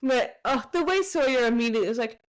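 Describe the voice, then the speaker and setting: A woman's voice: fairly high pitch, animated, fast, smooth, rough recording. A young woman co-hosting a book podcast, retelling scenes casually and quoting characters with frequent "you know"s. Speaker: podcast co-host.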